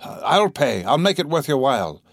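A man's voice: a little high, very animated, fairly bright tone, no echo, studio quality, pitched above the performer's own voice. A man doing an urgent anxious young man. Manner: urgent, speaking quickly.

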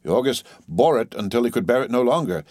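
A man narrating a novel as a steady, dramatic audiobook reading, lightly voicing the dialogue. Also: mid-range voice, brisk, no echo.

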